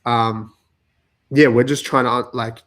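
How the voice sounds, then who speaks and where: A man's voice: mid-range voice, steady tone, slow pace, fairly bright tone. A man co-hosting a podcast in casual chat, meandering through thoughts with many fillers and trailing off mid-sentence. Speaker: podcast co-host.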